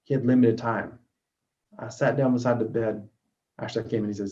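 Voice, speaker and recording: Male motivational storyteller, earnest, loud then hushed, warm low timbre, muffled audio. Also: fairly even intonation, a little fast. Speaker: motivational speaker. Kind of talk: storytelling talk. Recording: dull lo-fi recording.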